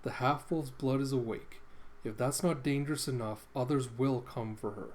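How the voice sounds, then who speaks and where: A man's voice: medium pitch, normal speed, close to an everyday voice. A man doing a grave, courtly necromancer.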